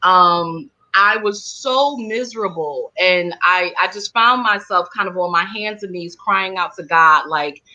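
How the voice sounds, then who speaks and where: A woman speaks as an interview guest in a bright, clear-edged voice. She talks casually and animatedly, full of fillers. The recording sounds slightly muffled and lo-fi. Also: on the low side, a little slow, hardly any pauses. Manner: animated, many fillers like "like" and "you know". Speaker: guest, holistic healer and counselor. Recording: dull lo-fi sound.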